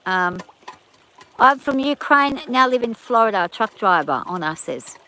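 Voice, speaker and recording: A chatty woman with a broad rural Australian accent reads viewer comments on a live stream and answers each one. Her voice sits a little higher than most. She talks in an easy, offhand way. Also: sing-song, measured pace, sharp tone, slight background noise, poor audio. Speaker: livestream host reading chat. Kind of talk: casual live-stream chat.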